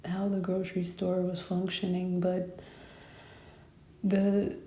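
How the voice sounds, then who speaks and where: Sleepy, slow, soft-spoken woman. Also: lowish voice, completely flat delivery, roomy sound, a little hiss or hum. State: tired. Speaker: tarot reader. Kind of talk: soft-spoken spiritual tarot reading.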